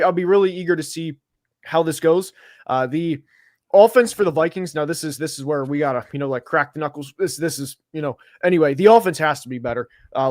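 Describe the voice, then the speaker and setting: A man with a somewhat high voice hosts a casual football talk stream. He rambles with fillers, restarts his sentences, and gets heated when a point frustrates him. The sound is close and dry, with no room around it. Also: no echo. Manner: animated, gets worked up, filler-heavy. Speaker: host of a football preview show. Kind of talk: casual sports chat. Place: home studio, seated.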